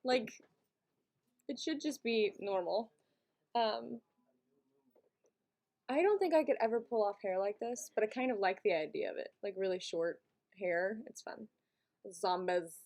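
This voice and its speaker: A woman's voice: medium pitch, unhurried, pauses often, darkish tone. A woman hosting a live stream, chatting casually and giggly with her viewers from a home setup. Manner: chatty and giggly, talks to chat.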